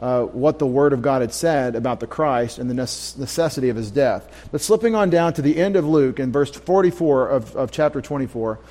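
A man's voice: medium pitch, lively intonation, a little fast, few pauses, darkish tone. A man teaching a Bible study in a conversational, storytelling way, often asking his listeners questions. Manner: conversational, anecdotal, asks the audience questions. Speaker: pastor. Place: church.

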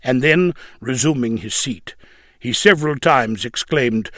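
A man reading a religious story aloud in a measured, solemn way. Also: medium pitch, a bit bright, no room sound, studio quality. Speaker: narrator.

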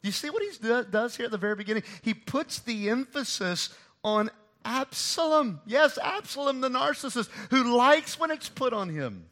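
Bright high-pitched male preacher. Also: lively intonation, moderate pace. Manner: preaching with sweeping swings from loud to hushed. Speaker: pastor. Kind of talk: sermon.

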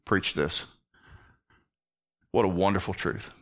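Low-voiced earnest male preacher. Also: takes it slowly. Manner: earnest, drops to a hushed near-whisper for emphasis. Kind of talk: sermon.

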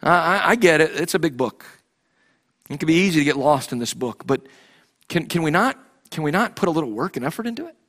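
A man's voice: on the high side, lively intonation, brisk, fairly bright tone. A man preaching a sermon as pastor, impassioned and full of rhetorical questions, often restarting his sentences.

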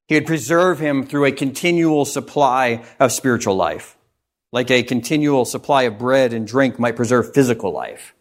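A male pastor giving an earnest, emphatic sermon, reading scripture and stressing key phrases. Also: medium pitch.

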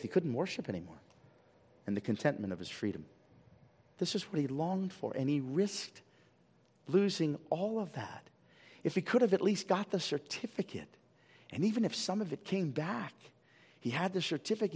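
A man preaching a sermon as pastor, swinging from loud emphatic peaks to quiet low pleading and asking the congregation rhetorical questions. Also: husky. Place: church sanctuary. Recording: long reverb of a church hall.

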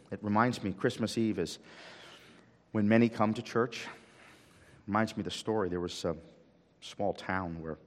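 A male pastor giving a Christmas Eve sermon and prayer in a church sanctuary, an animated storyteller who repeats words and calls for amens. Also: on the low side, in a large hall.

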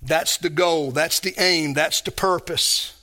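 A man's voice: on the high side, takes it slowly, sharp tone. A man preaching a sermon as pastor, emphatic and full of rhetorical questions put to his congregation.

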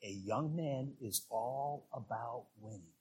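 A man preaching as a visiting evangelist, talking directly to the congregation and climbing into loud, shouted peaks on key words. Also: medium pitch, slow, slightly rough. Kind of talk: sermon. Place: church.

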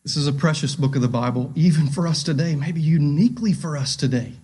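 A man preaching a sermon as pastor, reading scripture aloud and asking his listeners direct questions, swinging between loud emphasis and hushed tones. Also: fairly high pitch, a little fast, husky.

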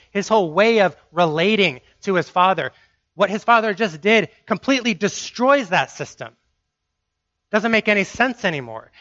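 A man's voice: sits high, sharp tone, no room sound, lo-fi sound. A man preaching a sermon, emphatic and driving points home by repeating phrases.

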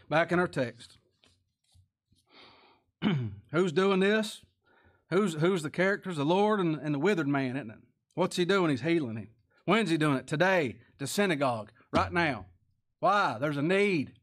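A man preaching a sermon, swinging from loud, high exclamations down to quiet, soft asides. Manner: preaching with sudden rises in pitch and volume, dropping to quiet asides. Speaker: pastor.

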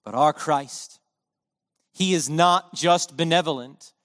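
A man's voice: a little high, slow, fairly bright tone, long reverb tail. A man preaching a sermon in an earnest, impassioned way, driving his points home with emphatic repetition.

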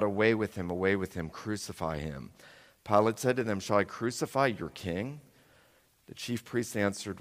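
Man preaching in a reverberant hall. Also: on the low side. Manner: dramatic reading, voicing quoted lines with shifts in loudness. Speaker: pastor. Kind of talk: sermon with scripture reading.

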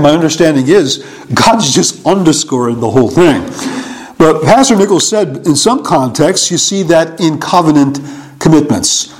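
A middle-aged man teaching in a conversational sermon, musing and halting with small chuckles. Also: fairly high pitch, rough recording. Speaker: preacher.

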